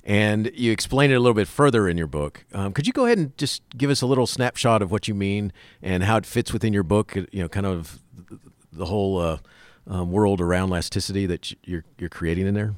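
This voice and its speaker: A man's voice: lowish voice, expressive, fairly quick, no echo. A man hosting an interview, chatty and enthusiastic as he asks questions. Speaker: interview host. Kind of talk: interview conversation.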